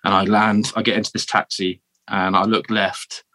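Southern English man telling stories, low voice. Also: normal speed. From south of England. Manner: animated, self-deprecating storyteller with frequent restarts. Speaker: guest, former Marine turned teacher. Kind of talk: casual storytelling interview.

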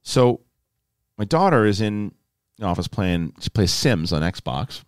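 A man hosting a podcast, telling a story in a casual, animated, emphatic way and swearing freely. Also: lowish voice, unhurried, smooth, no room sound, clean studio sound. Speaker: podcast host.

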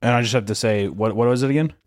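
A man's voice: medium pitch, rapid-fire, no room sound, clean studio sound. A young man co-hosting a comedy podcast, riffing jokily and dropping into silly put-on voices. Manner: jokey, riffs and slips into put-on voices. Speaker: podcast co-host. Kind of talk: casual comedic banter.

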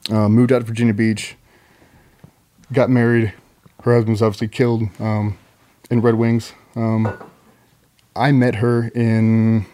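A man's voice: lowish voice, dark tone. A man, a former Navy SEAL guest on a podcast, telling a long story in a rambling, profane, casual way.

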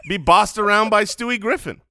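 Bright-voiced man joking on a podcast. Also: sits high, a little fast, clear, resonant tone, no echo. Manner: playful, laughs often. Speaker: podcast co-host. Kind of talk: casual comedy banter.

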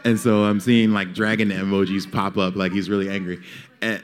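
A man's voice: moderate pace, noisy background. A man in casual storytelling, acting out quoted lines and laughing often, with many fillers. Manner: animated, acts out quotes with big pitch jumps. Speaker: panel guest.

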